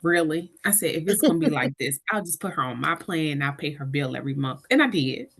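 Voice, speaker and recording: A woman's voice: sits low, fast, breathy edge. A middle-aged woman, an interview guest telling a personal caregiving story and acting out the voices of the people in it. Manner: animated, voices the people in her stories.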